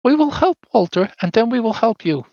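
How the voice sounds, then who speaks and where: A man voicing a little ghost girl in a high, sweet, eerie voice. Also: animated, a little fast, darkish tone, no room sound, highs cut off.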